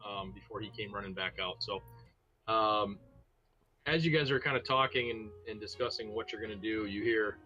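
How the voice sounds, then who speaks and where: A man running a tabletop game as game master, narrating in a relaxed, loose way with fillers. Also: fairly low pitch, normal speed, lo-fi sound, soft background music.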